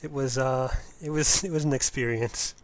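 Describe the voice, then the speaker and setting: A young man in his twenties chats through a game build on a livestream. He speaks at a middle pitch in a relaxed, self-mocking way. He often pauses on "uh" as he explains. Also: crowd noise. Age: 20s. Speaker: mod developer hosting a stream. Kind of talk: casual gaming livestream chat.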